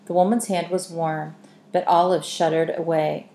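A woman reading a story aloud in measured scripted narration, in an echoey room with faint hiss. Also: fairly low pitch, flat delivery, warm tone. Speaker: audiobook narrator.

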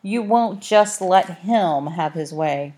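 A woman with a lowish, warm, animated voice takes her time as she reads the part of a talking cat in a storybook. The character is a haughty, brusque orange tomcat guide, and she plays him dry, clipped and condescending.

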